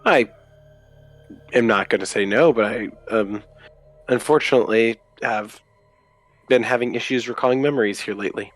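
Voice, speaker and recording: A man's voice: mid-range voice, normal speed, long pauses, no echo, soft background music. A man playing his character in a tabletop game, answering politely and wryly. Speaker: player. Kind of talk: in-character role-play.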